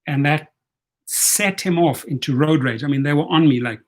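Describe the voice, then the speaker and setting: A man's voice: a little high, moderate pace. A man telling a story in a casual vlog, blunt, profane and fired up. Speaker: rideshare vlogger.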